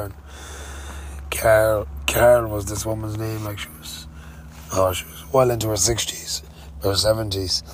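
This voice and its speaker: An Irish man recounts his day on the bike in a loose, sweary, meandering way, with plenty of fillers and slang. His voice sits low and stays fairly flat. A faint hiss of noise runs underneath. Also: normal speed, rough recording. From Ireland. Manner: rambling, sweary, lots of fillers. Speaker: touring cyclist vlogger. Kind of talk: casual storytelling.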